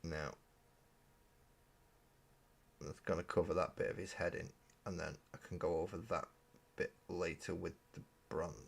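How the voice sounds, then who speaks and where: Guy with a deep voice rambling on a hobby stream, self-deprecating and chatty. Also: flat delivery, measured pace, creaky, long pauses. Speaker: live stream host. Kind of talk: casual chat while painting miniatures.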